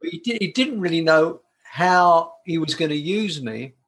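An older man from the United Kingdom tells stories about his career as a guitarist. His voice sits slightly high for a man, and he talks in a warm, rambling way, often stopping to restart a sentence. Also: lively intonation, normal speed. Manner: warm, chatty, with frequent restarts. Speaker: guitarist and performer, interview guest. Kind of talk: casual anecdotal storytelling.

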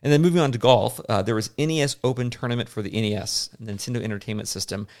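A man's voice: medium pitch, very fast, darkish tone. A man in his thirties hosting a casual podcast chat as a dad, rambling with lots of fillers. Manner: rambling, chatty, many fillers.

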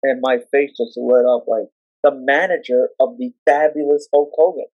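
A man on a podcast telling memories in a lively way, acting out the people he quotes. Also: mid-range voice, no echo, phone-quality sound. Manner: animated, acts out the people he quotes; rapid run-on retelling of wrestling memories. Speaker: podcast guest and storyteller. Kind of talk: casual podcast storytelling.

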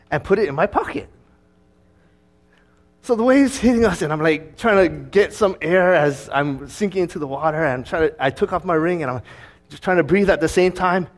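A man preaching as a pastor, telling a personal story in a conversational, lively way. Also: fairly high pitch. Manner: conversational storytelling, with fillers and restarts; lively, acting out his own past words.

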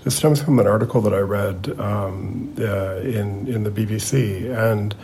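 A man co-hosts a casual podcast chat, his voice gravelly and textured. He talks hesitantly, circling back with ums and restarts. There is faint noise in the background. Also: lowish voice, unhurried, warm tone. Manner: hesitant, full of fillers and restarts. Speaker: podcast co-host.

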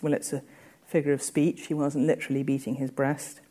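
Woman lecturer, low warm voice, conversational with ums, slows down to read quoted verse. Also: sing-song. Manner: reads verse quotations slowly and deliberately between explanations; frequent ums, conversational explaining. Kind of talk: literature lecture.

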